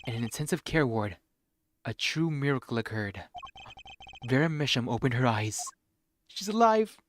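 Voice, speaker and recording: A man streaming a story game, reading its narration slowly and dramatically and reacting excitably. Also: mid-range voice, slight background noise.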